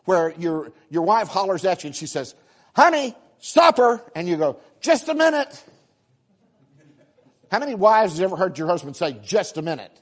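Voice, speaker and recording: A man preaching a sermon, telling stories with animated acted-out exclamations and quick repeated starts. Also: on the high side. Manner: animated, acts out voices and exclamations, frequent repeated words. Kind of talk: sermon storytelling.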